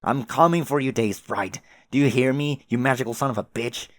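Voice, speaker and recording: A man's voice: mid-range voice, fairly quick, no room sound, natural voice. A man voicing a furious teenage boy who rants indignantly and sarcastically at a rival.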